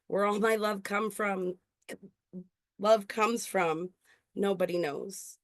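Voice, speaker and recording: A woman performing her own spoken-word poetry at an open mic, earnest and intimate, slowing on key lines. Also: medium pitch, steady tone, no echo, studio quality. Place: indoor open mic venue.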